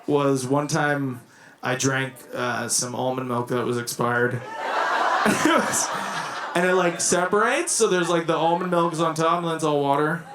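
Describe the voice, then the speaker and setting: A man's voice: on the high side, fairly bright tone. A young man doing a rambling, self-deprecating stand-up set, laughing at his own lines. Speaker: stand-up comedian. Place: comedy club stage before a laughing crowd. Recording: echoey club with crowd laughter. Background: audience laughing.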